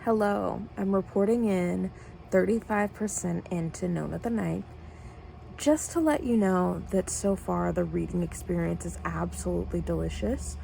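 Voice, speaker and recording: A woman book vlogger talking casually to camera, excitable and dramatic, ranting with swearing. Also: lowish voice, normal speed, creaky, a little hiss or hum, poor audio. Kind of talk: casual reading vlog.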